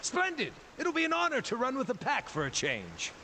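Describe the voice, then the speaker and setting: Hiravias, a jaunty impish druid. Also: male voice, very high voice, wildly swooping pitch, moderate pace, noisy background, full character voice. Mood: cheeky. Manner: jaunty, playful, well-spoken. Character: impish, cheerful small male Orlan druid wanderer. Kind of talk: voiced game dialogue.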